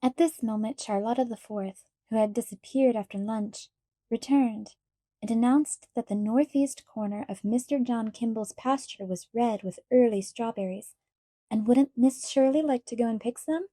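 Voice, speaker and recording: A woman reads an audiobook in a calm, measured storytelling voice, fairly high-pitched. Her tone is dark and mellow, and the recording is close and dry. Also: no echo. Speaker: audiobook narrator. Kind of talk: scripted audiobook narration.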